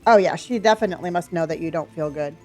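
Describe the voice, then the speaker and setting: A woman's voice: fairly low pitch, fast, warm tone, faint music behind. A woman streaming a video game from home, chatting casually and greeting viewers by name. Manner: bubbly, greets chat by name. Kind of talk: casual livestream chat.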